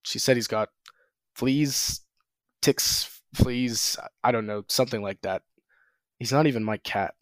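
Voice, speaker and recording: A man's voice: medium pitch, a little slow, long pauses, no room sound, lightly acted. A man voicing a sullen, withdrawn teenage boy student who talks in a terse, grudging way in a tabletop game.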